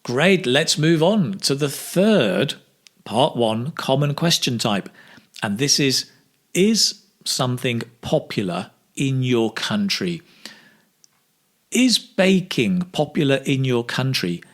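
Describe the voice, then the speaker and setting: A man teaching English speaking, modelling phrases slowly with exaggerated intonation for learners to repeat. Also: medium pitch, sing-song, a bit bright. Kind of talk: slow, clear pronunciation drill.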